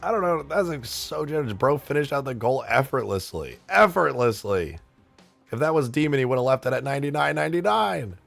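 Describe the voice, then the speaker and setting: A young man live-streaming as a game modder, thanking viewers for tips, excitable and swearing, straining a tired voice. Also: mid-range voice, brisk, vocal fry, faint music behind. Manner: excitable, swearing, laughing between lines.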